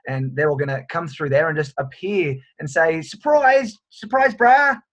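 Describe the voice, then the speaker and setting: A man's voice: a little high, steady tone, moderate pace, highs cut off. A man in casual sports chat, riffing with goofy jokes.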